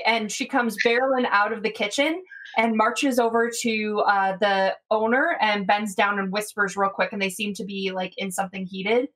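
A woman's voice: medium pitch, steady tone, normal speed, fairly bright tone. A woman narrating as game master in a tabletop game, talking loosely with plenty of fillers.

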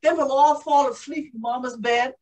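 A woman performing a pioneering woman aviator who tells of her childhood in an animated one-woman show, gasping with excitement. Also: high-pitched, moderate pace, distant mic, lightly acted, low-quality recording. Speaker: living-history performer.

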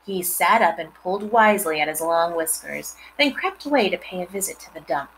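Bright-voiced woman reading aloud. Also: fairly low pitch, a little fast, a little hiss or hum, low-quality recording. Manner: expressive, with chatty asides to listeners. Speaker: reader. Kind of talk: reading a children's novel aloud.

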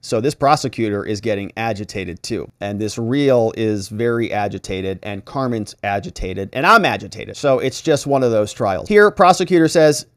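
A man's voice: fairly low pitch, moderate pace, hardly any pauses, no echo, clean studio sound. A man giving a trial recap as a legal commentator, acting out the courtroom exchanges with sarcastic asides. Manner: animated, acts out quoted exchanges.

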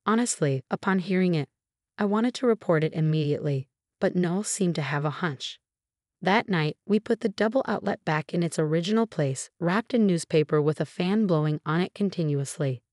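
A woman giving scripted narration of a personal story in an even, steady manner. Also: fairly low pitch, moderate pace, no echo, clean studio sound.

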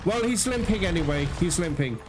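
High-pitched and brisk, a male let's play host riffs on gameplay with game music and some background noise behind him. He works himself up, curses freely, and refers to his viewers as "guys" again and again.

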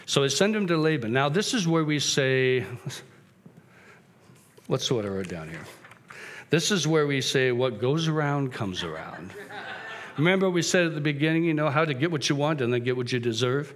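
A man's voice: on the high side, animated, brisk, a bit bright, a little hiss or hum. A man giving a sermon as a guest preacher, retelling the story casually and acting out the characters' voices.

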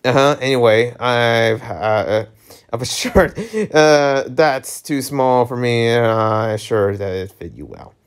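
A man's voice: mid-range voice, takes it slowly, clear, resonant tone. A man casually reading a webtoon aloud, stumbling over lines and laughing at his own slips. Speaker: webtoon reader.

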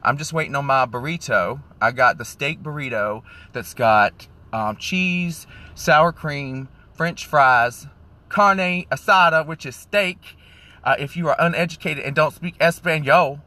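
This man's medium-pitched voice runs a little slow, bright and forceful as he live streams from his phone in the car while it rains. The vlogger is chatty and sassy, addressing his viewers as y'all and honey.

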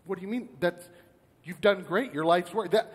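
A man's voice: moderate pace, breathy edge, long reverb tail. A man voicing a cheerful male angel at heaven's gate in an upbeat, congratulatory way. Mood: chirpy. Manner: upbeat, congratulatory, rising to high squeaks.

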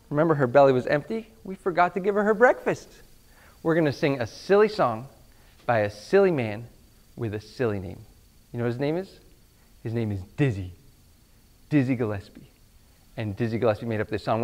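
High, lively man leading a kids' sing-along. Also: brisk, long pauses. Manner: lively and coaxing, prompting kids to repeat after him. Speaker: children's music show host. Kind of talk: call-and-response music lesson for kids. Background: instruments playing.

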